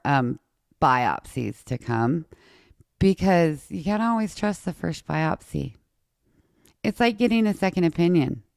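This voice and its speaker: A woman hosting a podcast, telling a personal story in casual chat with an animated, sarcastic manner. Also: low voice, no echo, clean studio sound. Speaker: podcast host.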